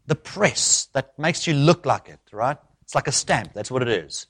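A man preaching an expository sermon, switching into acted speech with sudden loud bursts. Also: medium pitch, sing-song, measured pace, hardly any pauses.

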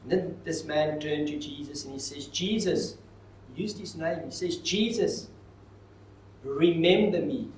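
Preacher in an echoey church. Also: male voice, a little high. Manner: emphatic preaching with dramatic pauses and swells. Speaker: pastor. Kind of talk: sermon. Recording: echoey hall, mic far off.

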